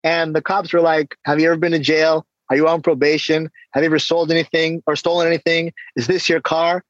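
A man guest on an interview, casually telling stories and acting out exchanges with lively energy. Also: a little high, fairly quick, hardly any pauses, dry recording, lo-fi sound. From San Diego, California. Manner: animated storytelling, acts out exchanges. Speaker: guest, hip-hop artist and coach.

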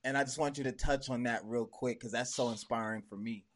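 Chill guy hosting a podcast, slangy, lots of ums, mid-pitch voice. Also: fairly even intonation, a little fast, a crowd in the background. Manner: laid-back, slangy, hesitant with many fillers. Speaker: podcast host. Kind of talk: casual chat.

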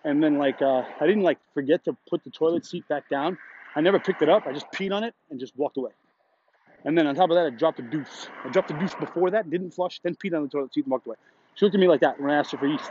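A man's voice: fast, a little mellow, lo-fi sound, slight background noise. A man hosting a podcast, telling rambling, profane stories in a casual monologue. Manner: rambling, profane, jumps up in pitch for quoted voices. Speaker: podcast host.

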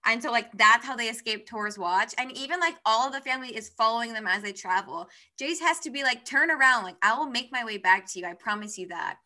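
Bright-voiced young woman retelling a story. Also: fairly high pitch, fairly quick, hardly any pauses. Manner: animated storyteller, voices characters' lines. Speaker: book podcast co-host. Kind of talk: casual chat retelling a book plot.

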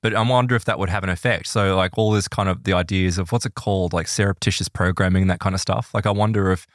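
A man's voice: sits low, fairly even intonation, quick pace, dry recording, studio quality. A man co-hosting a podcast, casually asking curious questions and joking along. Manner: curious, asks questions, jokes. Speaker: podcast co-host. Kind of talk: casual chat. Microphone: studio mic.

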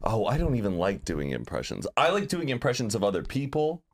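Texan male co-host, wide-ranging animated delivery, casual banter. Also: fairly low pitch. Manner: animated, quick to slip into impressions. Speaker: podcast co-host. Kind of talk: casual chat.

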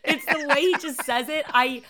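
A young woman chatting about films as a podcast co-host, her voice bright and edged with tension. She talks in an animated way, laughs often, and throws herself into loud, big renditions of the lines she quotes. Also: sits high, moderate pace. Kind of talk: casual film chat.

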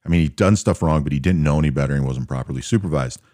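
A man with an extremely deep, low voice tells a story in a relaxed, matter-of-fact way. He sounds close and dry, with no room echo, and briefly acts out the people he quotes. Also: very fast. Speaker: storyteller recounting army anecdotes. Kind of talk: casual spoken storytelling.

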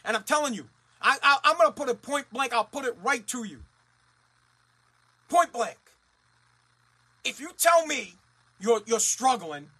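High, bright-voiced ranting radio man. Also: slightly rough. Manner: blunt, profane and fired up. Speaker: radio host. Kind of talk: ranting talk radio monologue.

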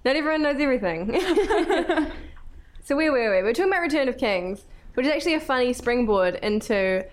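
A woman's voice: high voice, animated, fairly quick. A young woman with a New Zealand accent hosting a casual chat, telling stories and laughing often. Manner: chatty storyteller, laughs often. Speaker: podcast host.

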